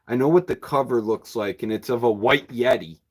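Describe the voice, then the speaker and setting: A man's voice: medium pitch, brisk. A man who runs a used bookshop, chatting casually and at a rambling pace with viewers on a livestream, chuckling often.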